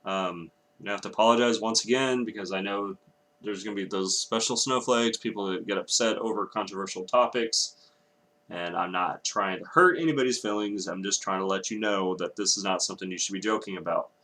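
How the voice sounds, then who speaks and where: A man's voice: on the low side, fairly quick, bright, forceful tone. A young man from Texas ranting angrily in a vlog, swearing often and breaking off to apologize. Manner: angry, profane ranting with apologetic asides. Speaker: vlogger.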